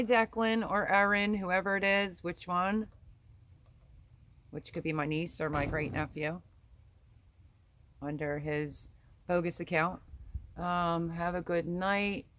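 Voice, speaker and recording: Middle-aged woman, homestead livestream host, chatty and rambling, quick to laugh. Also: fairly low pitch, fairly bright tone. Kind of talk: live stream chat, reading viewer comments.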